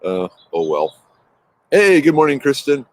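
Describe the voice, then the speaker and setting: With huge pitch swings in a mid-range voice and a measured pace, a man hosts a relaxed morning livestream outdoors in his backyard. He greets viewers by name in a cheerful, rambling way, with traffic noise behind him.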